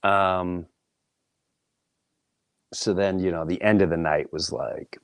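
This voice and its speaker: A man's voice: sits low, takes it slowly, creaky, no room sound, clean studio sound. A middle-aged man hosting a podcast, telling a personal story in a blunt, profane, casual way and acting out the people he quotes. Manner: animated, acts out quoted voices, blunt and profane. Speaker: podcast host.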